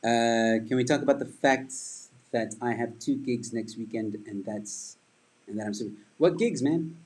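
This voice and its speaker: Husky guy rambling on his livestream, reading comments, chatty. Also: medium pitch, moderate pace, a little mellow, rough recording. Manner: rambling, chatty, reads and answers viewer comments. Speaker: livestream host and stand-up comedian. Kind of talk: casual livestream chat.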